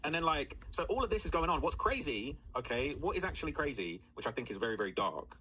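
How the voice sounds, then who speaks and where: Male commentary host, rambling and filler-heavy, very fast delivery, bright edge. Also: on the high side, very animated, a little hiss or hum, low-quality recording. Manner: rapid rambling with many fillers. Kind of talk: casual commentary.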